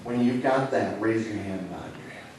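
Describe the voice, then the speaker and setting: A man from Nebraska working as a stage hypnotist in a comedy show, giving slow, soothing suggestions that sink soft and low when he tells people to relax. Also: a little hiss or hum. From Lincoln, Nebraska. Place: indoor city hall room. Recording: echoey hall, voice from far off.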